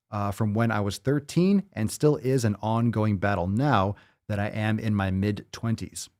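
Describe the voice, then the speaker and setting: A man's voice: medium pitch, darkish tone. A man hosting a fitness podcast, reading listener messages aloud and breaking in with profane, joking asides. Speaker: podcast host.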